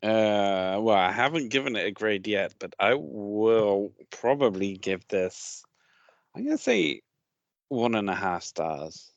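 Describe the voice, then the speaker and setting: A man co-hosting a podcast, giving a slow, considered opinion in casual chat. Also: lowish voice, very animated, creaky, no echo, muffled recording. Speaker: podcast co-host.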